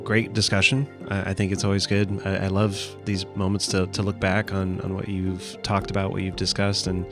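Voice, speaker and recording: A man's voice: deep voice, monotone, moderate pace, few pauses. A man hosting a podcast, wrapping up with brief thanks to his guests. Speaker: podcast host. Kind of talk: podcast outro. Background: music.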